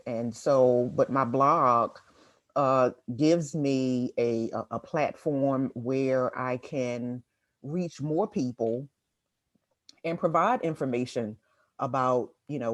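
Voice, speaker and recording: Middle-aged woman from Washington, D.C., unhurried delivery, chuckles often, dry close sound. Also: very deep voice, no echo. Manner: laughs often, halting with fillers. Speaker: guest writer and real estate agent. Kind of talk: casual interview conversation.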